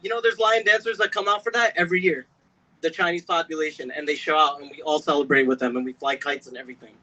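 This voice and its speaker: A young man giving an emotional speech at an outdoor protest, building from steady storytelling to shouting. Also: a little high, fast, muffled recording. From Pennsylvania. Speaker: protest speaker. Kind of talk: impassioned rally speech.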